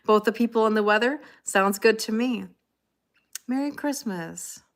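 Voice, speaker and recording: Taking things slowly in a fairly high voice, a Canadian woman in middle age reads tarot live, chatting away, naming viewers, and reading out what they comment.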